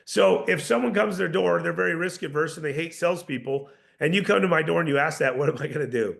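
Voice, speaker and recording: A man leading a live sales training, coaching with lots of rhetorical questions and energetic restarts. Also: on the high side, fast, vocal fry.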